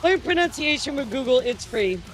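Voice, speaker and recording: A woman streamer chatting casually through the news with her viewers, rambling and excitable, often stammering and swearing. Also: sits high, fairly quick, soft background music.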